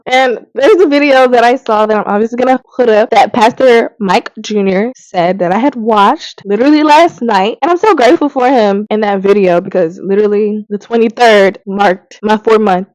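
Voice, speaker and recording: A woman talking candidly in a casual confessional vlog, emphatic and swinging between loud and hushed. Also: a little high, dry recording, rough recording. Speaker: faith vlogger.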